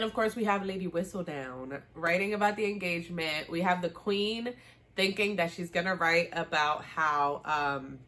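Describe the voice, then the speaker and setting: A young woman hosting a casual TV recap vlog, chatty and animated, with slangy asides. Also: lowish voice. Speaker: show host.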